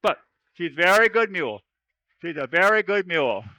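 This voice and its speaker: A man's voice: high-pitched, big pitch swings, a little fast, pushed and bright, dry recording, low-quality recording. A man speaking as a folksy cowboy storyteller, giving a playful chapel talk to children at camp. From Oregon.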